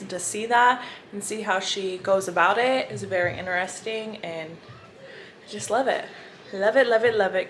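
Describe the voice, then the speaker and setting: A woman's voice: mid-range voice, a little hiss or hum. Chatty young woman gushing to viewers. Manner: gushing, animated storytelling to viewers. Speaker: book vlogger. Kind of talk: casual chatty reading vlog.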